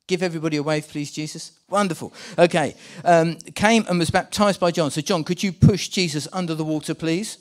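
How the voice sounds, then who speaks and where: Brief: male preacher, a touch high in pitch, lively and stumbling over his words, leading a church re-enactment. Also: a little fast, hardly any pauses. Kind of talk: sermon with live volunteer re-enactment. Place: church with a live congregation.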